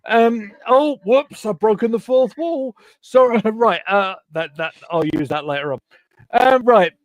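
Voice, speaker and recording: Man, host, casual chat stream, excitable, stumbling restarts, high pitch, dry. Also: measured pace, no echo. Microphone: home computer mic on a video call.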